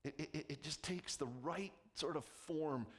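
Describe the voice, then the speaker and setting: A man's voice: fairly high pitch, a little slow, fairly bright tone. A man with a Canadian accent preaching a sermon to his church, conversational and emphatic, repeating phrases and restarting himself. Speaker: pastor.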